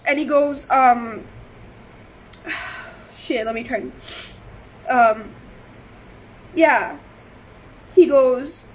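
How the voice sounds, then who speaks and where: A woman's voice: high voice, very slow, pauses often, a little hiss or hum, rough recording. A woman telling her story on a live stream, shaken and close to tears, rambling, apologizing and restarting her sentences. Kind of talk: emotional live stream monologue.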